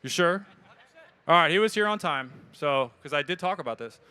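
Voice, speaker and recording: A man, answering questions from an audience at a live expo talk in a casual, joking, energetic way. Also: on the high side, normal speed, clean tone. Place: event hall with audience.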